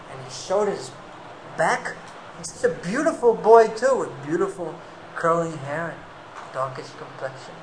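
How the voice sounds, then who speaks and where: A man preaching a devotional sermon, an animated storyteller who weaves in Sanskrit terms. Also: fairly high pitch, measured pace, low-quality recording.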